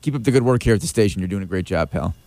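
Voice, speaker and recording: A man's voice: on the low side, animated, gravelly, dark tone, no room sound. Chatty male radio host. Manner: chatty, full of restarts and quick asides. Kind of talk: casual radio chat. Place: radio studio.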